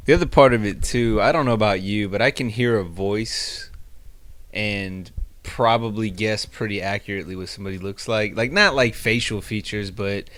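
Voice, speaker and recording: A man's voice: on the low side, moderate pace, a bit bright, no room sound. A man co-hosting a podcast, musing and giving opinions in casual chat, hedging with many fillers. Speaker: podcast co-host.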